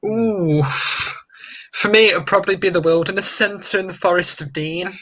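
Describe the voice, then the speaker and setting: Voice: mid-range voice, moderate pace, a bit bright, low-quality recording. A panelist on a paranormal chat show, recounting a past investigation in detail. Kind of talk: casual chat.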